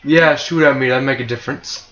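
A man's voice: mid-range voice, brisk. A young man casually commentating his own speedrun, rambling and self-mocking with sarcastic asides. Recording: muffled lo-fi with steady hiss.

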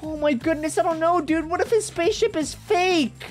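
A young woman hosting a let's-play video, excitable and exclamatory, saying "dude" constantly. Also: extremely high pitch, moderate pace, faint music behind. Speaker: gaming video host.

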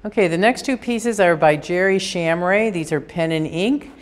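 Woman with a low smooth voice walking folks thru an art show, chatty, lots of ums. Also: normal speed. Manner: chatty and enthusiastic, with frequent ums and restarts. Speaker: gallery curator giving a tour. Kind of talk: unscripted gallery tour walkthrough.

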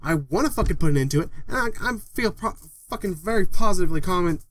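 A man's voice: high voice, lively intonation, fast talker, a bit bright, a little hiss or hum. A young man vlogging an angry, profane rant, repeating himself as he vents. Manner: heated, profane, repetitive ranting.

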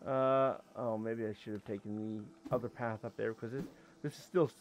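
A man's voice: on the low side, steady tone, moderate pace, slight background noise. A man giving casual commentary as he plays a game, talking to the creatures on screen and breaking into sudden yelps and exclamations. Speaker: let's play host.

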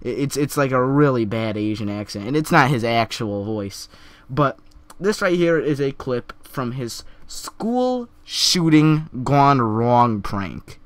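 An earnest young man talks through his opinions in a commentary vlog, stumbling and repeating words as he goes. His voice sits at an ordinary middle pitch and sounds close and dry, with no room around it. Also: lively intonation, a little slow, no room sound. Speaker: vlogger.

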